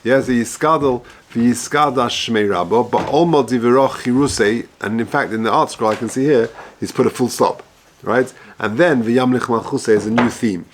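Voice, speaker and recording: A rabbi giving a text study lesson, reading passages aloud and then explaining them in English in a measured, halting way. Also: male voice, medium pitch, a little hiss or hum. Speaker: rabbi teaching halacha.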